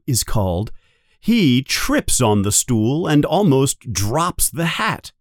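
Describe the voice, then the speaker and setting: Expressive man reading a storybook. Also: no room sound, studio quality. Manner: expressive, with high shouted character calls. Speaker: narrator.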